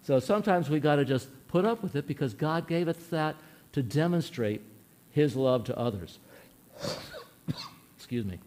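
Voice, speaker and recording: A man's voice: on the high side, lively intonation, measured pace, long pauses, darkish tone. A man preaching a sermon in an earnest, folksy way, telling a personal story and asking his listeners questions.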